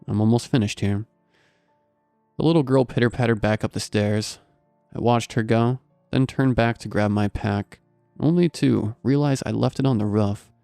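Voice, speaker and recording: A man's voice: medium pitch, steady tone, moderate pace, gravelly, mellow, smooth, no room sound, faint music behind. A man narrating a scary story in a dry, wry storytelling manner. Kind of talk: scripted horror story narration.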